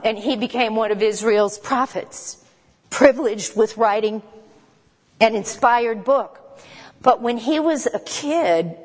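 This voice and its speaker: Woman, Bible lesson teacher, conversational, emphatic, quick asides, long reverb. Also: a little high.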